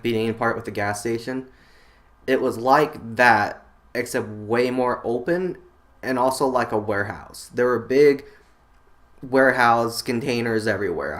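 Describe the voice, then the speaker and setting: A man's voice: mid-range voice, fairly bright tone. A man casually recounting a weird dream on his channel, rambling with lots of fillers and restarts. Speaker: channel host. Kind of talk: casual storytelling about a dream.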